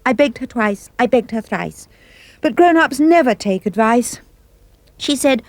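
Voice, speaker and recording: A woman giving a playful, expressive reading of comic rhyming verse. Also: a little slow, dry recording. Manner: animated, playful storytelling with big pitch leaps. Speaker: storyteller.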